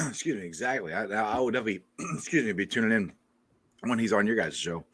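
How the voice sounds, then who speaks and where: Lively bright-voiced man on a fan podcast. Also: fairly low pitch, a little fast, slightly rough. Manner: animated, teasing, reads out viewer comments. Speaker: podcast co-host. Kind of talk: casual sports podcast chat.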